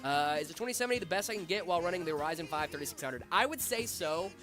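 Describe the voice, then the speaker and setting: Young male stream host, voice slightly off from illness, animated, chatty, rambling. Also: a little high, fast talker, faint music behind. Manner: chatty, rambling with fillers and asides to chat. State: voice slightly off after being sick. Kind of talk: casual livestream tech chat.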